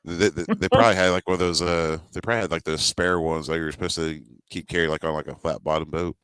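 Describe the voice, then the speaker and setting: A man's voice: sits low, steady tone, fast talker, fairly bright tone, clean tone, no echo. A man co-hosting a livestream, chatting casually with joking, laid-back banter. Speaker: livestream co-host. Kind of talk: casual chat.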